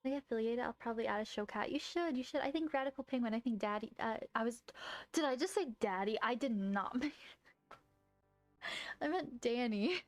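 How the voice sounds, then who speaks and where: A woman streaming a game live, reacting excitably, swearing freely and muttering under her breath. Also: on the high side, brisk, no echo. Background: game music.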